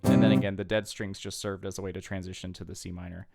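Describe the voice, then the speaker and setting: A man with a lowish voice talks through a guitar lesson in an easy, patient way. Loud guitar strumming plays under his voice throughout. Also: fast talker, creaky. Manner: relaxed, patient, counts beats aloud. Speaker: guitar teacher. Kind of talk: casual guitar tutorial. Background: guitar playing.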